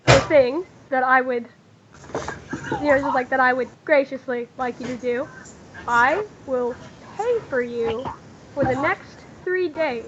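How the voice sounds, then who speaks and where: A woman voicing a smooth, scheming male character who persuades softly in a tabletop game. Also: sits high, measured pace, background noise. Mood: persuasive. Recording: dull lo-fi sound.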